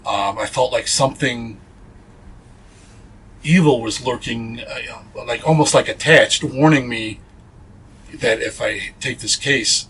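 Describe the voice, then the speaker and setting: A man's voice: medium pitch, takes it slowly, pauses often, a bit bright, a little hiss or hum, low-quality recording. A man being interviewed as a paranormal investigator, telling a ghost story earnestly, with many fillers and restarts.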